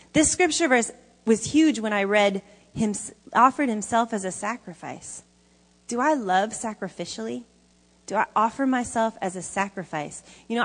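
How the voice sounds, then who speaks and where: In a church hall before an audience, a woman preaches a sermon with emphatic, conversational delivery, frequently putting questions to the congregation. Her voice sits on the high side and is a bit bright, trailing a long reverb tail.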